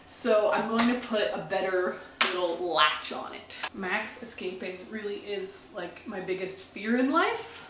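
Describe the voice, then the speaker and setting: A woman's voice: mid-range voice, animated, measured pace, few pauses, background noise. A young woman from Canada narrating a home renovation vlog in a chatty, upbeat way with small laughs. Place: old house, indoors.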